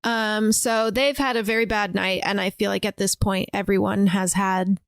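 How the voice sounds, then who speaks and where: A woman's voice: medium pitch, fairly even intonation, moderate pace, clean tone, dry recording, clean studio sound. A woman co-hosting a podcast, walking through a movie's plot in casual chat with frequent fillers. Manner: narrates the plot step by step, with fillers. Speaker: podcast co-host.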